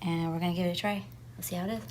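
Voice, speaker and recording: A woman's voice: on the low side, steady tone, racing, a little mellow, slight background noise. A woman hosting a casual home gardening vlog, talking chattily and sometimes chewing as she speaks. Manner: chatty, chews while talking at times. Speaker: gardening vlogger.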